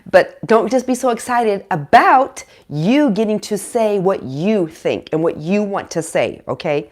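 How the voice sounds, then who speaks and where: A woman's voice: mid-range voice, measured pace. A woman hosting a parenting channel, talking casually to the camera, acting out parents and teens and checking in with "okay?" and "all right?". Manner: chatty, animated, acts out parents and teens in quoted voices. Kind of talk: casual direct-to-camera advice.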